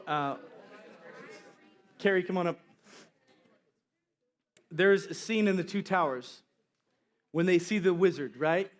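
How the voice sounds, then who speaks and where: A man's voice: high-pitched, slow, long pauses. A man preaching a sermon as pastor, in an emphatic, repetitive, exhorting way.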